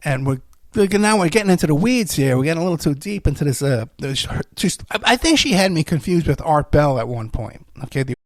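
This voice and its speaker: A man's voice: fairly high pitch, very animated, a little fast, no echo. A man hosting a podcast, telling a story in a loose, rambling way, with laughs and restarts. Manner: rambling, laughing, self-interrupting. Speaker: podcast host. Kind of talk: casual storytelling monologue.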